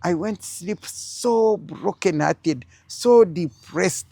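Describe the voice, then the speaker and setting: A woman's voice: lowish voice, slow pace, gravelly, dark tone, breathy edge, dry recording. An older woman with a Ugandan accent, telling a political story as an interview guest with strong, emphatic feeling.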